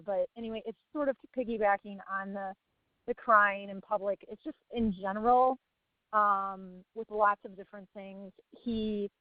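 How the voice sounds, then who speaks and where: A woman's voice: medium pitch, dry recording, narrow, tinny audio. A woman in her thirties, a parent asking for advice, rambling and laughing as she hunts for words. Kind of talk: casual chat.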